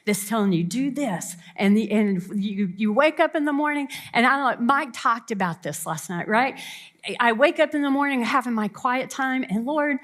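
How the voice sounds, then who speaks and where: A woman's voice: on the high side, animated, moderate pace, fairly bright tone. A woman in her fifties telling earnest, self-deprecating stories about marriage to a camp audience. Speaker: family camp speaker. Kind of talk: warm personal talk to an audience.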